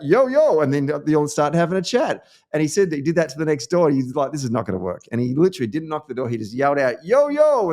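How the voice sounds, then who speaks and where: Australian male podcast host, chatty and animated, trades campaign yarns. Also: mid-range voice. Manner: animated storyteller, lively anecdotes. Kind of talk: casual political chat.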